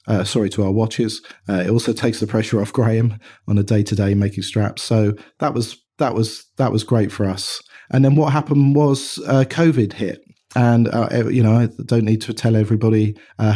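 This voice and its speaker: A middle-aged man from England, a watch company founder, telling an animated anecdote in a casual interview. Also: fairly low pitch. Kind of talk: conversational storytelling.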